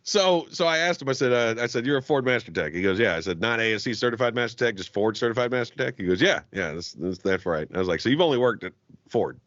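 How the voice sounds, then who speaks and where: A man, an auto technician guest on a podcast, telling a story in casual chat with heavy swearing and animated ranting. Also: mid-range voice, quick pace, no echo. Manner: heavily profane, animated ranting. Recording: dull, dry lo-fi podcast audio.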